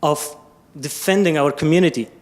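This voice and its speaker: A man from Syria asking an emotional, halting question from the floor of a public lecture, pleading for help. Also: a little high, a little mellow. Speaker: audience member asking a question. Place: lecture hall.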